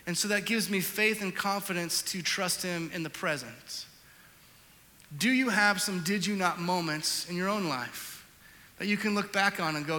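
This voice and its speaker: Preaching at a moderate pace, a man with a high-sitting voice shares a personal story from the pulpit. His delivery swings between loud outbursts and quiet reflection, and a long reverb tail follows each line.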